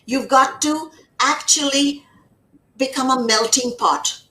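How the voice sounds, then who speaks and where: A woman's voice: sits high, takes it slowly, bright, forceful tone, rough recording. A middle-aged woman who works as a communication trainer, speaking emphatically in an interview and repeating her words. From United States. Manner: emphatic, repeats words, acts out quoted speech. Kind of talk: conversational interview.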